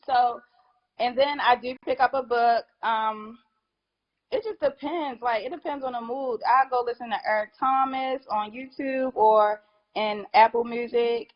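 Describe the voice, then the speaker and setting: A young woman hairstylist chatting in an interview, animated and acting out quotes, at times emotional. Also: fairly high pitch, a little slow, muffled recording. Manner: animated storyteller, acts out quotes, gets emotional. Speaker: hairstylist guest. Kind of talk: casual interview chat.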